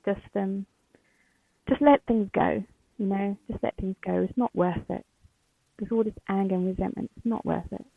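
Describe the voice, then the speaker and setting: A woman shares her story in a halting, emotional way, with lots of fillers and restarts. Her voice has a gravelly edge. The sound is dry and narrow, like a phone line. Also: medium pitch, fairly even intonation, no room sound. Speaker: podcast guest. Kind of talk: candid interview.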